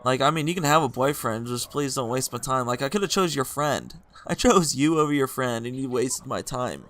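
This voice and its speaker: A young man casually telling rambling, animated dating stories while he plays a video game, often laughing through them. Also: mid-range voice, moderate pace. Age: young adult. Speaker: gaming vlogger. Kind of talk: casual storytelling over gameplay.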